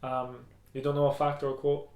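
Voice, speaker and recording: A man's voice: mid-range voice, completely flat delivery, brisk, darkish tone. A young man co-hosting a podcast in casual chat, rambling, swearing a lot and laughing often. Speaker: podcast co-host. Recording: echoey room.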